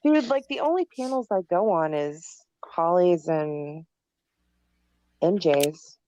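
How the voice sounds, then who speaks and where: A woman's voice: fairly low pitch, animated, slow, warm tone, highs cut off, slight background noise. A woman guest on a livestream panel over a video call, speaking casually and with some swearing.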